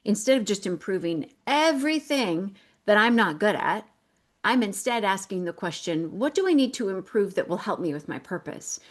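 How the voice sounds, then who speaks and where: A woman leads a group webinar. She sounds enthusiastic and affirming, and she builds eagerly on what others share. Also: medium pitch. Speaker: webinar host.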